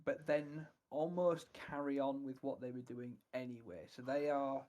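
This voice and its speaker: A man's voice: mid-range voice, normal speed, dark tone. A man narrating as dungeon master in a tabletop game, hesitant and full of "kind of" and "um".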